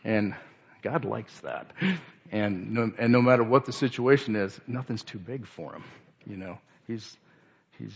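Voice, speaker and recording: A man giving an informal sermon, halting, with many restarts and fillers. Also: fairly low pitch, slightly rough, muffled recording. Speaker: lay speaker.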